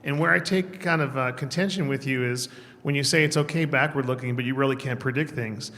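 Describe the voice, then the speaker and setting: A man's voice: medium pitch, a little fast, a bit bright. A man in the audience politely disputing the speaker's point, correcting himself as he goes. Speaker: audience member asking a question. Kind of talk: audience question. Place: conference hall. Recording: hall reverb from a conference room.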